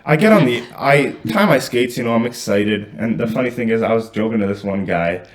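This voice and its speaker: A man's voice: mid-range voice, a little fast, a little hiss or hum. A young man co-hosting a casual sibling podcast, telling jokey stories. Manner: joking, lively storyteller. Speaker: podcast co-host.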